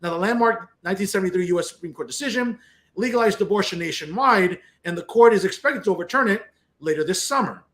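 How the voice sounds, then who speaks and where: Combative high-voiced male political host. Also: fairly bright tone. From New Jersey. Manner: combative, sarcastic, keeps asking "okay?" and "right?". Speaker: political commentary show host. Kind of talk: opinionated political commentary. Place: home office with bookshelves behind him.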